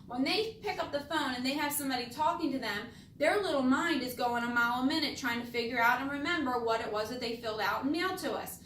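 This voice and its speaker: A woman's voice: high-pitched, quick pace, hardly any pauses, fairly bright tone, a little hiss or hum. A woman teaching insurance appointment setting, acting out phone scripts and stressing key words on purpose. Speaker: insurance sales trainer. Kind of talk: training talk with demonstrated phone scripts. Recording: echoey room, voice from a distance.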